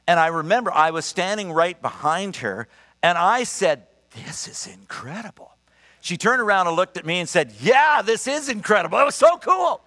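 A middle-aged man preaching a sermon, telling stories in an animated, emphatic and earnest way. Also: fairly high pitch. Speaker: pastor. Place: church sanctuary. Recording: long reverb of a large church hall.

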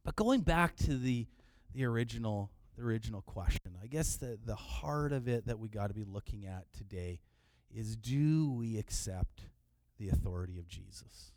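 A middle-aged man preaching a sermon in a relaxed, conversational way, often restarting his phrases. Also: medium pitch, normal speed, no room sound. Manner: conversational, repeats words when restarting. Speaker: pastor.

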